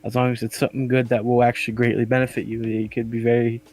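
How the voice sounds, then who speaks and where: A man's voice: medium pitch, little pitch movement, quick pace, darkish tone, no room sound, low-quality recording. A young man co-hosting a casual podcast, talking loosely with lots of swearing and laughter. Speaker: podcast co-host. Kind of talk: casual chat.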